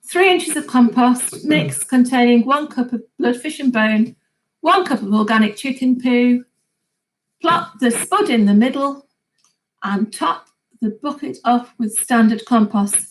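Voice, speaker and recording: A woman's voice: fairly high pitch, measured pace, poor audio. A woman hosting a gardening live chat, chatting casually and laughing often as she reads viewer comments aloud.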